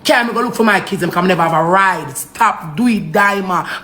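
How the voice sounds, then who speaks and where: A woman's voice: mid-range voice, animated, moderate pace, few pauses, pushed and bright, a little hiss or hum. A woman with a Jamaican accent on a heated livestream rant, pleading and scolding in patois and repeating herself. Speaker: social media live streamer.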